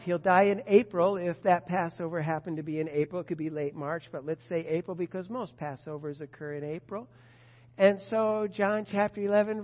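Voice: mid-range voice, big-room sound, lo-fi sound. A preacher giving a sermon, retelling scripture as a story and asking the listeners rhetorical questions. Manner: storytelling with rhetorical questions, addresses a disciple directly.

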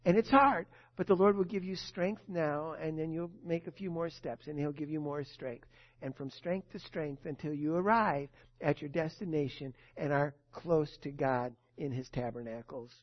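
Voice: medium pitch, moderate pace, lo-fi sound. A preacher giving a sermon, telling a story with emphasis and asking the listeners rhetorical questions.

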